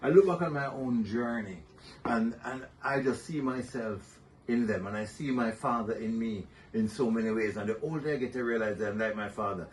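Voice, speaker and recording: This older man, a guest in a relaxed interview, has a mid-range voice and keeps a moderate pace. Warm and often laughing, he chats and recounts family stories, recorded on a distant mic with faint background noise.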